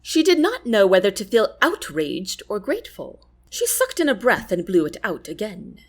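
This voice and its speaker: A woman narrating a fantasy audiobook with expressive storytelling. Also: mid-range voice, normal speed. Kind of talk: scripted narration.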